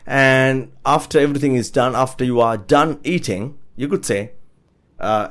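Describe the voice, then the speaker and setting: A man teaching an English lesson, upbeat and encouraging, who drills everyday phrases by saying them slowly and repeating them. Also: medium pitch, a bit bright.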